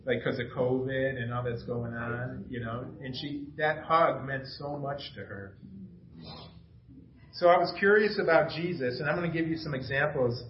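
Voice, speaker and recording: In a church sanctuary, a middle-aged pastor speaking at medium pitch and a moderate pace delivers an enthusiastic, casual sermon full of family stories and laughter, captured in an echoey, dull recording.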